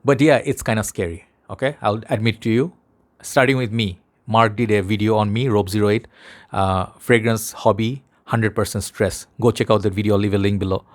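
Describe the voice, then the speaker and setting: Talking to the camera about fragrances, a Bangladeshi-accented man keeps a lowish, steady voice at a fairly quick pace. His delivery is casual, earnest and rambling, and he treats his audience like brothers.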